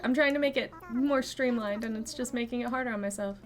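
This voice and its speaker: A young woman streaming a game, chatting casually to her viewers, giggling and thinking out loud. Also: a little high, quick pace, a little hiss or hum. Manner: chatty, giggly, talks to chat and herself. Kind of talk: casual gameplay chat.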